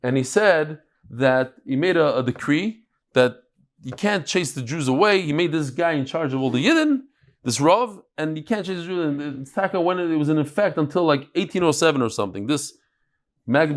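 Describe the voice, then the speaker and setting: A man teaching a Talmud class in a lively, chatty lecturing style, mixing in Hebrew and Yiddish terms. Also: on the high side, fairly quick.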